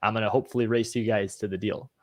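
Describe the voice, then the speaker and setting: A man's voice: on the low side, racing. A man in his twenties talking casually and energetically as a co-host, coaching listeners. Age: 20s. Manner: energetic, motivational. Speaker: co-host, real estate agent.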